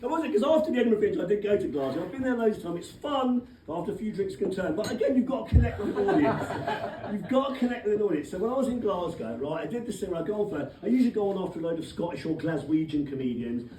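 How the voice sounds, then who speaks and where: Animated English stand-up comedian, high voice. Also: male voice, rapid-fire. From England. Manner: animated, swears freely, mocks impressions. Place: comedy club, indoors. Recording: echoey distant club recording, noisy crowd.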